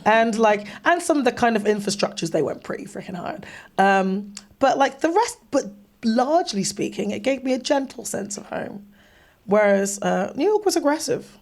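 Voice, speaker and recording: English woman, animated storyteller, slightly high voice, interview guest. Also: moderate pace. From England. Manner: animated, acts out voices, laughs often. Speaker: guest artist. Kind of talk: casual interview chat. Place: live event venue in front of an audience.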